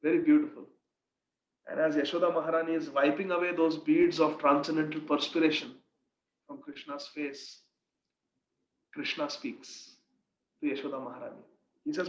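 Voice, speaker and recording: High-voiced man telling a devotional story. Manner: earnest, expressive, slow-paced storytelling. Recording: echoey room, dull lo-fi sound.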